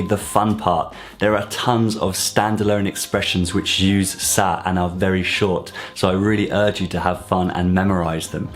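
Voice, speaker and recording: A man with a fairly low voice teaches a video language lesson, explaining each point plainly and patiently. He slows down to repeat example phrases for learners. Soft guitar music plays faintly underneath. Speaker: French teacher.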